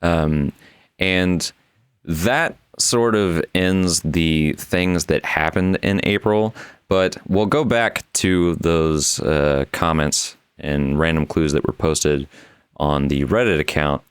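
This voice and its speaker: A man's voice: a bass voice, slow, smooth, no room sound. A man co-hosting a podcast, casually recapping an internet mystery in a laid-back, rambling way. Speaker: podcast co-host.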